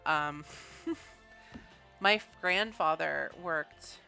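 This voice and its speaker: A woman's voice: deep voice, extremely slow, vocal fry, bright, forceful tone, faint music behind. A woman chatting casually and rambling, laughing often as she builds in a video game. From Canada. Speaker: gaming streamer.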